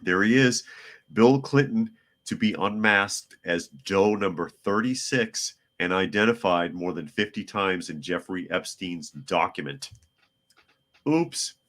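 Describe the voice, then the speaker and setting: A hoarse man hosting a casual news talk podcast, chatty with wry asides. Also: sits low, measured pace, a bit bright. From United States. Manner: chatty, wry asides, talks to his cat. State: hoarse from a cold. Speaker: podcast host.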